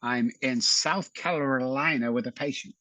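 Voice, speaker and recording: Middle-aged Mancunian guest, bright and punchy, lively storyteller, dry recording. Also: male voice, medium pitch, unhurried, no echo. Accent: Manchester English. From England. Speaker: guest, addiction recovery expert. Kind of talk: podcast interview storytelling.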